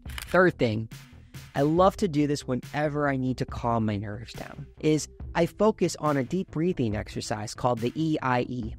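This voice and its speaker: A man giving clear, emphatic coaching tips as a public speaking coach. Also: mid-range voice, expressive, normal speed, soft background music. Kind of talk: instructional talk to camera.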